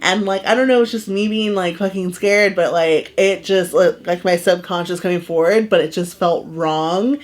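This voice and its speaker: A woman in her thirties with a somewhat low voice, chatting casually as a podcast co-host. She rambles through her stories, dropping "like" into nearly every phrase. It was recorded in a garage. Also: moderate pace, hardly any pauses. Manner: chatty, heavy on "like" fillers. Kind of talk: casual storytelling chat.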